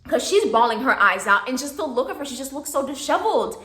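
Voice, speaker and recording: A young woman telling a storytime vlog, animated, often asking "okay?" and swearing casually. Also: sits high, quick pace, reverberant.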